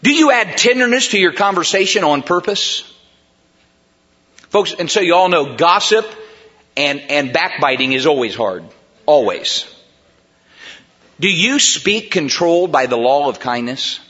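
Bright-voiced preacher man, dull recording. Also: on the high side, expressive, measured pace, long pauses. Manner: swings from hushed to loud emphatic preaching; repetitive rhetorical questions. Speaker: pastor. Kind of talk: sermon.

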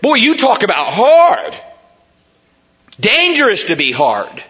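A middle-aged man preaching a sermon to men, swinging between hushed and loud emphatic delivery and piling up repeated rhetorical questions. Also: high-pitched, wildly swooping pitch, takes it slowly. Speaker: pastor. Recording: dull lo-fi recording.

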